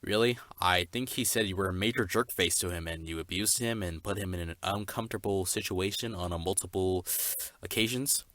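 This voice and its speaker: A man's voice: low voice, fairly quick, a bit bright. A young man voicing a smug, rambling male anime reviewer who stumbles over his words, in a comedy skit.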